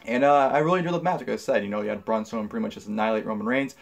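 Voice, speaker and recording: A man's voice: lowish voice, racing, gravelly. A young man giving a casual spoken review, rambling with many fillers and restarts, blunt and profane when annoyed. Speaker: wrestling show reviewer.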